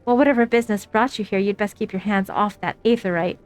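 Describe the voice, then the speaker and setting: A woman doing a stern caretaker who talks quickly and warns plainly, game read-through. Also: mid-range voice, smooth, close to an everyday voice.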